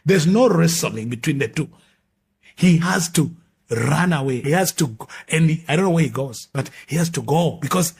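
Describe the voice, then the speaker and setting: A Ugandan man around fifty, an apostle, earnestly telling his conversion story as a sermon, shifting between loud declarations and hushed moments. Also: on the high side, creaky, slightly rough. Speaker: apostle giving his testimony. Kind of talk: preached personal testimony.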